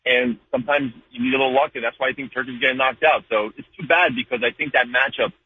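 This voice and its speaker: Fast-talking raspy man on the phone. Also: medium pitch, fairly even intonation. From New Jersey. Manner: fast, rambling, with many fillers. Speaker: caller. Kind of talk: casual call-in sports chat. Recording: phone line.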